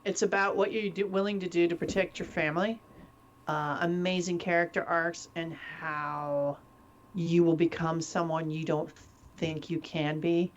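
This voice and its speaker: A woman's voice: lowish voice, steady tone, moderate pace, lo-fi sound, slight background noise. A woman co-hosting a podcast, chatting playfully with bawdy jokes and giggles. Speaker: podcast co-host. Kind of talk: casual chat.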